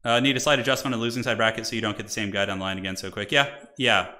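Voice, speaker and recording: His voice sits on the low side and the words come rapid-fire. He's casting a live game tournament on his stream, animated and chatty, and he keeps turning to talk with viewers in chat.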